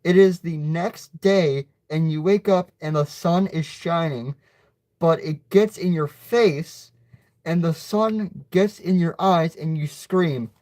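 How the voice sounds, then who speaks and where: A young man reads his own homemade short story aloud. He goes slowly and stumbles, restarting words and stopping for little side remarks. The reading sounds casual and unrehearsed. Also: on the high side, darkish tone. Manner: slow, halting reading with slips and asides.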